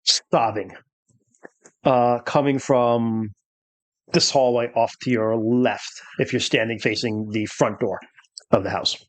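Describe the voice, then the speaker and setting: A game master narrating a tabletop horror game, with many pauses and fillers. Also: mid-range voice, steady tone. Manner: hesitant, filler-heavy narration.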